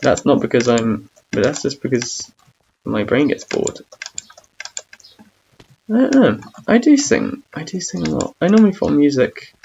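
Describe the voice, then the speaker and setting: A man's voice: mid-range voice, big pitch swings, moderate pace, creaky, pauses often, a little mellow, dull audio, a little hiss or hum. A young man chatting casually while gaming, rambling and self-mocking about his own awkwardness, humming and singing between lines. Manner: hums and sings between talk. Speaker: gamer streamer.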